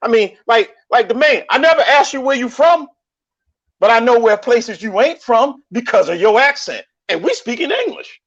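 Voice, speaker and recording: A man talking in a casual online debate, animated, often repeating and restarting his phrases. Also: extremely high pitch, moderate pace. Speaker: panelist in online discussion. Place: lives in Colombia. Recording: dull lo-fi stream audio.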